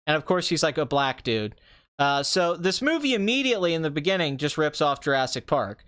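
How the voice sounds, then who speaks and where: Sarcastic ranting man, slightly high voice. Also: brisk. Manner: sarcastic, ranting, animated with mocking asides. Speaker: movie review podcast host. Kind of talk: casual ranting commentary.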